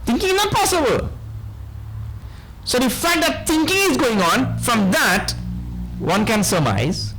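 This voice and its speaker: A man with a Trinidadian accent giving a spiritual discourse to a live audience, animated and often quizzing his listeners. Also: very high-pitched, measured pace, pauses often, faint music behind, low-quality recording. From Trinidad and Tobago. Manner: animated, questioning listeners, playful asides. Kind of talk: lively lecture on scripture.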